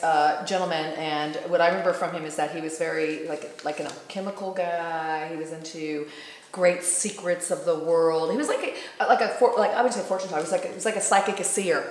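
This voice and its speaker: A woman host who chats casually, thinks aloud and laughs often, slowly reading out messages. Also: fairly low pitch, very echoey, slight background noise. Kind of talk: casual chat.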